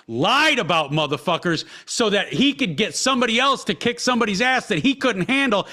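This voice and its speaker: A man's voice: high-pitched, bright, forceful tone. A man hosting a podcast, telling a personal story in a heated, blunt way with constant swearing. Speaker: podcast host.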